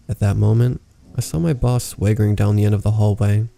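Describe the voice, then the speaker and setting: A man reading a horror story aloud as narrator, in a calm, measured way. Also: on the low side, vocal fry, soft background music. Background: faint rain ambience.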